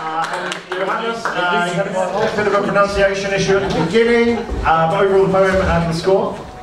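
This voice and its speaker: A man hosting a live comedy poetry contest, brisk and mock-formal as he calls on the judges. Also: high-pitched. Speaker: host of the contest. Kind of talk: live event compering. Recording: echoey room, distant mic, background noise.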